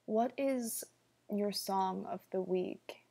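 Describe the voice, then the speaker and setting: A woman's voice: mid-range voice, takes it slowly, creaky, warm tone. A young woman hosting a casual livestream Q&A, joking around and dropping into whispered asides. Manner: playful, jokey, drops into whispered asides. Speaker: livestream host.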